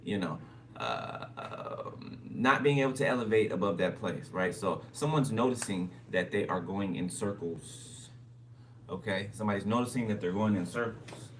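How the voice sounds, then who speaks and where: A man's voice: on the low side, expressive, moderate pace, creaky. A man giving a casual tarot reading, musing aloud and repeating phrases with frequent "okay?" checks. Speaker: tarot reader. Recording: distant mic with background noise.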